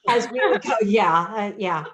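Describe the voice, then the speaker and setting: A woman's voice: mid-range voice, normal speed, crowd noise. A woman, a former cast member, wryly recalling backstage antics on a video call. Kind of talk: casual reminiscing on a video call. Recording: dull lo-fi call audio.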